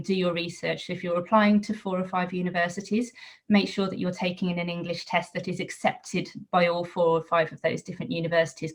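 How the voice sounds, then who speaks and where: A woman speaks in a fairly low voice, explaining things earnestly and with care. She sometimes restarts a phrase before carrying on. Her tone is that of an online information session. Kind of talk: online info-session talk.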